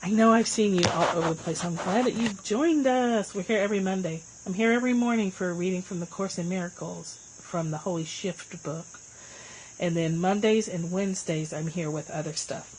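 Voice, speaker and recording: Woman livestream host, casual and chatty, slightly low voice; faint cricket noise under the mic. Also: a little fast, low-quality recording. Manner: chatty, answers viewer comments, lively swings in pitch.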